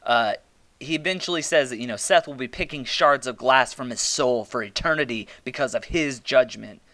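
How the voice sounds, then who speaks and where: Blunt, bright-voiced man ranting. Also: medium pitch, normal speed, no echo. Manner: blunt, swearing, exasperated rants. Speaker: podcast host reviewing wrestling. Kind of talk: casual review monologue.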